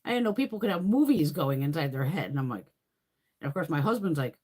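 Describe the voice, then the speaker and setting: A woman's voice: low-pitched, big pitch swings, fast talker, darkish tone. A woman beauty creator chatting casually on a live stream, rambling and swearing freely while answering viewers' comments.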